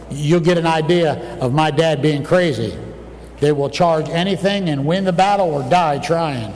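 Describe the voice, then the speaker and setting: A man preaching a fervent sermon, telling a story and breaking into shouts at its high points. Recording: distant mic, long hall reverb, faint room noise.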